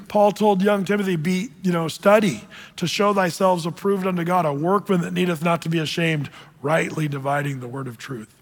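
A man's voice: sits high, a bit bright. A man preaching a casual sermon to a men's group, reading scripture aloud in old-fashioned wording. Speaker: pastor. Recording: long hall reverb.

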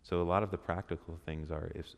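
In a reverberant hall, a fast-talking man delivers an interactive sermon to a men's church group in a low voice with flat delivery. His tone is conversational as he poses questions to the room and acts out quotes.

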